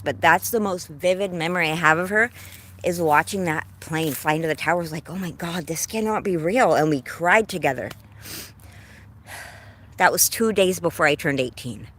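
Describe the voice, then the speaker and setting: A woman's voice: low-pitched, a bit bright, a little hiss or hum. A woman in her forties chatting on a livestream while out on a walk, effusive and heartfelt as she tells stories. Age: 40s. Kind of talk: casual livestream chat while walking. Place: outdoors on a walk.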